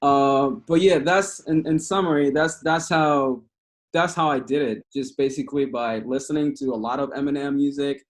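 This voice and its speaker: This thirty-something native Spanish speaker from Cuba appears as a guest on a video call, his Cuban-accented talk casual, passionate, and rambling with restarts. He speaks at a moderate pace in a mid-range voice with fairly even intonation.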